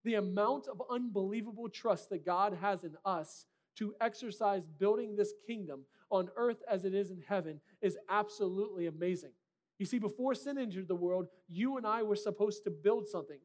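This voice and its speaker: A man's voice: high voice, darkish tone. A man preaching a sermon as a pastor, in a direct, conversational way with rhetorical questions.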